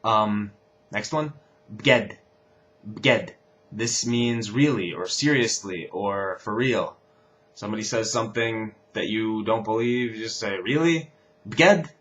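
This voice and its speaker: A young man giving a casual language lesson, explaining phrases and repeating examples with lively stress. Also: lowish voice, slow, muffled recording. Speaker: language teacher.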